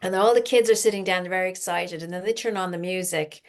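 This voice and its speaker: A middle-aged woman, hosting a casual spiritual healing chat and speaking in a gentle, reflective way. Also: fairly low pitch, fast talker. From Ireland. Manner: gentle, reflective, talks with her audience. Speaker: spiritual healing podcast host.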